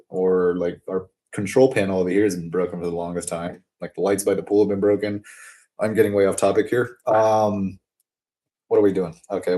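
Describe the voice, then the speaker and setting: A man's voice: sits low, warm tone. A man telling a story casually to the camera, rambling off topic and swearing freely. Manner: rambling and digressive, profane, with frequent fillers. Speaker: vlogger.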